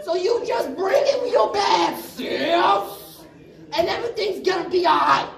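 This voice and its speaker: A man with a strikingly high voice tears through a profane stand-up rant, shouting and firing off lines. He sounds distant and echoey, as if caught from across a bar, with a crowd laughing loudly behind him. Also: animated, gravelly. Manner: profane, shouting, rapid-fire. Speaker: stand-up comedian. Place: bar comedy stage. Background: audience laughter.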